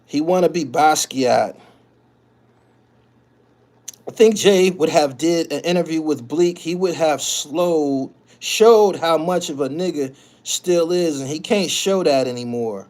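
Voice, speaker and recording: Profane animated New man ranting. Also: fairly high pitch, unhurried. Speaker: live stream host. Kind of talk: casual live stream commentary.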